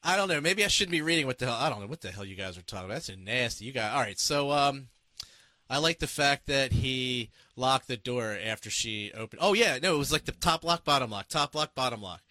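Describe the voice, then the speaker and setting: A man casually telling a story and reading comments, animated and profane, with many restarts and laughs. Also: mid-range voice, a little fast, dry recording.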